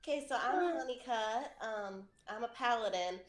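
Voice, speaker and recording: Fast-talking woman player with a cold. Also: a little high, a little mellow. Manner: fast talker, laughs easily. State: has a cold. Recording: echoey room.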